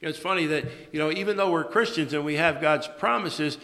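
Man, pastor, sermon, halting with many fillers, bright voice, long church reverb. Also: a little high. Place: church sanctuary.

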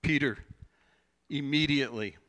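Pastor, male: slow, bright delivery, conversational sermon with lots of asking back. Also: medium pitch. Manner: animated, conversational preaching with rhetorical questions. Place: church.

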